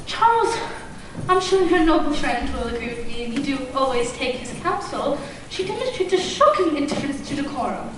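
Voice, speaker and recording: A woman's voice: high-pitched, sing-song, a little fast, slight background noise. A young actress in a stage play playing a haughty, sneering young woman, heard from far off in an echoey hall. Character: snobbish young woman gossiping about a guest. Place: theatre stage.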